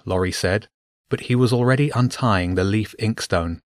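A man narrating a children's adventure story aloud with an expressive reading. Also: on the low side, normal speed, dry recording.

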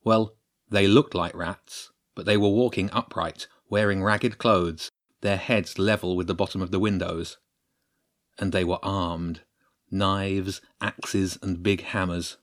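A man with a fairly low voice reads a children's adventure aloud. His delivery is steady and expressive, voicing the characters as the story moves along. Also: slow. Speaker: narrator. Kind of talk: storybook narration.

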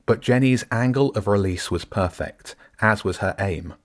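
Brief: deep, low male narrator, steady storytelling. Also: moderate pace. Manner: steady storytelling, shifts into character voices. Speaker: audiobook narrator. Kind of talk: scripted narration.

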